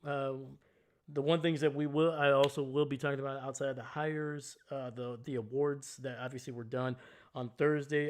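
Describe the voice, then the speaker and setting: A man hosting a casual football livestream, rambling through thoughts and chatting with viewers as he goes. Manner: rambling and chatty, greets chat loudly with pitch jumps. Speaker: livestream host. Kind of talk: casual live sports chat with viewers.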